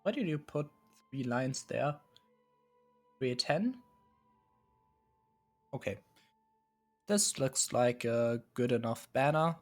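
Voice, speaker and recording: A man's voice: mid-range voice, lively intonation, a little slow, soft background music. A man streaming live, casually musing and hesitating as he sets up a strategy game, chuckling often. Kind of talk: casual live gameplay commentary.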